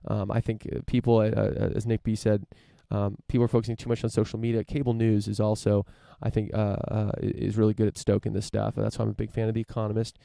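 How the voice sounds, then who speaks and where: A man hosts his podcast in a loose, rambling monologue, stumbling through fillers and restarts and swearing casually. His voice sits low, with a gravelly edge and a dark, mellow tone. The sound is dry and close, with no room around it. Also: completely flat delivery, fast talker, hardly any pauses, dry recording. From United States. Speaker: podcast host.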